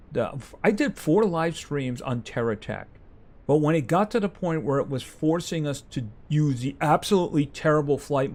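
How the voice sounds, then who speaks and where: Animated man streaming a ranch game. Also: on the high side. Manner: chatty, talks to game animals and reads chat aloud. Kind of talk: live gameplay commentary, chatting with viewers.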